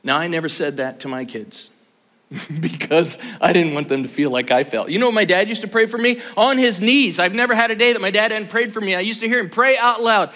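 A man's voice: high-pitched, a little fast, bright, forceful tone. A man in his sixties preaching a sermon, talking casually and joking with his audience. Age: 60s. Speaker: pastor. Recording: long hall reverb.

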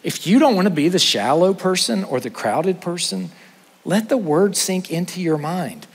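A man, a pastor preaching an earnest sermon to his congregation, trading quick asides for slow, stressed points. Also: sits high, expressive, husky, big-room sound. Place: church sanctuary.

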